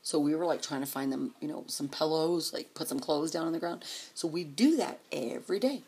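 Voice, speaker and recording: A woman's voice: sits low, a little fast, dark tone, breathy edge. A woman vlogger telling a rambling, profane story in a casual way, chuckling as she goes.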